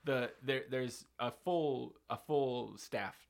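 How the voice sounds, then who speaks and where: A man's voice: medium pitch, slow, vocal fry. A man hosting a podcast, telling a long story in a casual, rambling way with lots of fillers and restarts.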